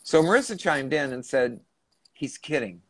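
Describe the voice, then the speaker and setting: A man's voice: medium pitch, animated, moderate pace, no echo. A man hosting a spiritual podcast, earnestly recounting a channeling session and restating his questions. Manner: earnest, retelling and rephrasing questions. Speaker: podcast host.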